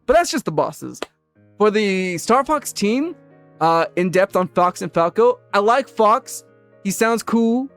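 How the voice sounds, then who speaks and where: A man giving a rambling, chatty game review voice-over, laughing easily as he talks. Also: high-pitched. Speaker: gaming channel host.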